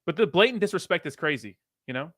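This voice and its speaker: A man reacts to a clip in blunt, profane street slang, calling people clowns and tossing in "bro" and "dude". His voice is bright and forceful. The recording is dry and close. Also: a little high, expressive, quick pace, dry recording. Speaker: reaction streamer. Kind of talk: casual reaction commentary.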